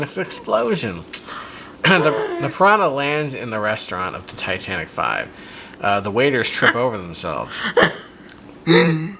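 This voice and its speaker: A man reading a silly fan story aloud for a comedy podcast, with deadpan asides on its plot. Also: medium pitch, vocal fry, a little hiss or hum, low-quality recording. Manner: amused, reads dialogue in a flat deadpan with asides.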